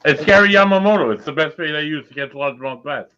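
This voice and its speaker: A man's voice: fairly high pitch, fast, pushed and bright, clear, resonant tone, highs cut off. A man co-hosting a podcast, rambling casually with lots of fillers as he wraps up and promotes upcoming shows. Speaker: podcast co-host. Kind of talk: casual chat, show promos.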